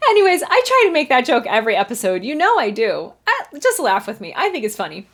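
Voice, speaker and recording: Voice teacher, woman, 30s, bubbly talker, swoops high when demonstrating. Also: brisk. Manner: chatty, animated, breaks into sung vocal examples. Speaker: voice teacher and podcast host. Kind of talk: podcast singing lesson with sung demonstrations. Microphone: studio mic.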